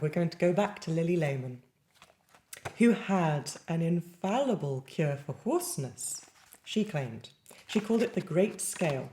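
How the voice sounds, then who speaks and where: A woman's voice: low-pitched, warm tone, a little hiss or hum. A woman giving a singing lesson in a chatty, lightly playful way, with sung demonstrations. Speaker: singing teacher.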